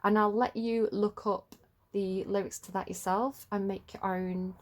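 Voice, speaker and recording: A chatty woman talks her way through a collective tarot reading. She rambles, restarts her sentences and fills gaps with ums and likes, her pitch sitting in the middle range for a woman. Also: steady tone, measured pace. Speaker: tarot reader.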